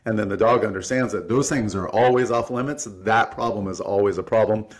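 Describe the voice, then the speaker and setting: A man's voice: lowish voice, brisk. A man hosting a casual podcast interview, explaining with analogies and frank, profane talk. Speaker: podcast host.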